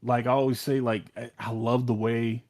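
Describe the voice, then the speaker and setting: A man's voice: mid-range voice, little pitch movement, normal speed, a little mellow. A young man co-hosting a podcast, talking casually with many likes and ums. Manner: rambling, lots of like and um. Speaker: podcast co-host.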